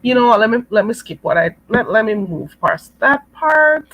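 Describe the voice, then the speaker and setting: A Jamaican livestream host with a slightly high, expressive voice reads viewer comments at a normal speed, chatting casually, laughing frequently and calling everyone "girl." The audio is dull but has no room sound.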